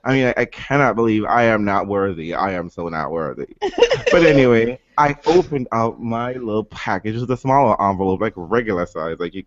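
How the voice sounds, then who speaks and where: A man's voice: lowish voice, expressive, fairly quick, no echo, highs cut off. A man co-hosting a podcast, chatting casually and telling stories with playful, dramatic asides. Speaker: podcast co-host. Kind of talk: casual chat.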